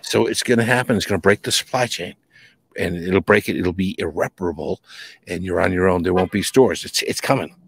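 A man's voice: deep voice, a little fast, gravelly, slightly rough. A man talking as a guest in a casual, rambling chat, emphatic and full of restarts. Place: home near the Charles River.

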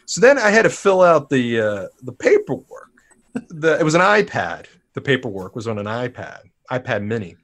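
Man, podcast co-host, casual storytelling, lively pitch, swearing. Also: normal speed. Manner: animated, acts out quotes, swears freely.

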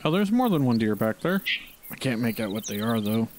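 A man's voice: medium pitch, very animated, fairly quick, darkish tone, a little hiss or hum. Man muttering at animals in a hunting game. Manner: talks to the animals on screen, pleading and muttering. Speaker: gaming channel host. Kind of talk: gameplay commentary.

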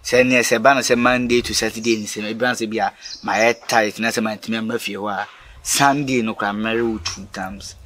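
An actor playing a boastful, coaxing property agent in a comedy film. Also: male voice, lowish voice, steady tone, brisk, fairly bright tone, a little hiss or hum, natural voice. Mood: bargaining.

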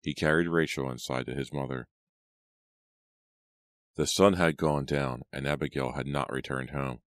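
A man with a very deep voice narrates an audiobook from a script, telling the story in a steady, measured way. The recording is dry with clean studio sound.

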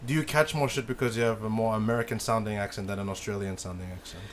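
A man's voice: on the low side, fairly even intonation, quick pace, slight background noise. Tentative PNG man thinking aloud. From Papua New Guinea. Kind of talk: casual podcast chat.

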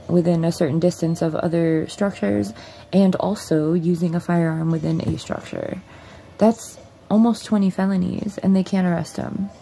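A woman's voice: lowish voice, gravelly, mellow, a little hiss or hum. A woman vlogger at home, bluntly and profanely retelling a story in a casual storytime.

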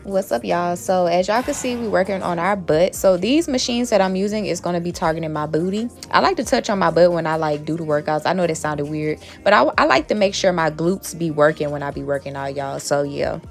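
A woman's voice: lowish voice, creaky. Brash, profane young woman vlogging. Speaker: YouTuber. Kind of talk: casual vlog chat. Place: home and gym.

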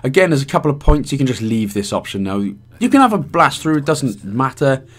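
A man's voice: medium pitch, sing-song, a little fast. Chatty Welsh man narrating a game guide. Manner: chatty, rambling, self-mocking. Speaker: gaming guide host. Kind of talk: casual walkthrough commentary.

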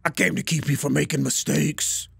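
A man reading the lines of a cryptic talking bird in a lower, grave, admonishing voice while playing a game. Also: fairly even intonation, normal speed, gravelly, husky, dry recording, full character voice. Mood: stern warning.

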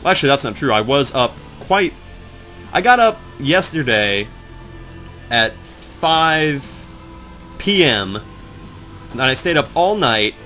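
A man in casual gameplay commentary, just up and groggy, rambling to his viewers and swearing as he gets lost and then excited. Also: mid-range voice. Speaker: let's play commentator. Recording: faint game music behind.

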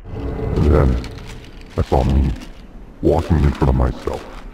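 Very deep, dark, gravelly voice, slow and hollow. It's an unsettling disembodied man from a horror game. Each word drags out with creaking fry. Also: fairly even intonation, soft background music, heavily acted. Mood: eerie. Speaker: game character.

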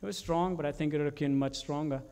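A male commercial director telling stories about his work in an animated way, with frequent restarts and fillers. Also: on the high side, quick pace, clean tone.

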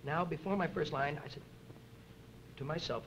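A man who is a film actor telling rambling anecdotes at a press interview, halting with many fillers and acting out other people's lines. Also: a little high. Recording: noisy 1960s archive recording.

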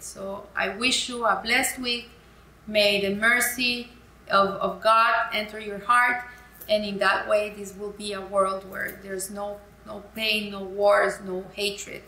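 Woman, Torah lesson, earnest storytelling, bright tone, echoey room. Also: a little high. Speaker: Torah teacher.

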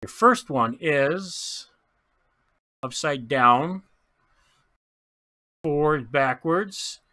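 An excitable man talks through a pack break in a loose, chatty way, tripping over names and laughing as he goes. His pitch swoops all over and sits a bit high, and his tone is bright and forceful. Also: drawn-out words. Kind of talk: casual card-opening commentary.

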